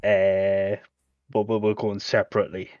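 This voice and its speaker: A man's voice: fairly low pitch, completely flat delivery, moderate pace, darkish tone, dry recording. A man playing a character in a tabletop game, speaking sheepishly and hesitantly. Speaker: player. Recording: dull, dry lo-fi mic.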